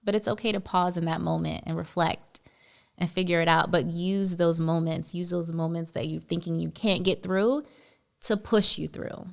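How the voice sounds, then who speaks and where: A woman co-hosting a casual podcast, speaking in a relaxed, reflective way. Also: lowish voice, normal speed, vocal fry. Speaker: podcast co-host.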